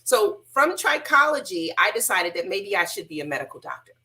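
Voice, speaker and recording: A middle-aged woman telling her story as a radio interview guest, animated and colloquial, acting out the voices of people she quotes. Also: mid-range voice, fairly quick. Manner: casual, colloquial. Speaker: guest, hair loss practitioner.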